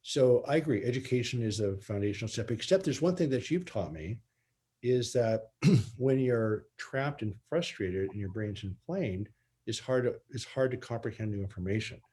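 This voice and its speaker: A man's voice: mid-range voice, animated, moderate pace, dark tone. A spine surgeon explaining his methods in earnest conversation.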